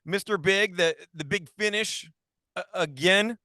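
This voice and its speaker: A man's voice: high-pitched, unhurried, bright, forceful tone. A man from Southern California hosting a casual interview, upbeat and laughing often. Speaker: host.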